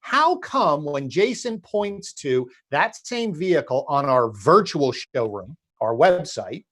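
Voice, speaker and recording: A man co-hosting a casual talk about car sales, lively and anecdotal, acting out conversations with customers. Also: a little high, takes it slowly. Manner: animated storyteller, acts out dialogues with customers. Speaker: co-host. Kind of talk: casual podcast discussion.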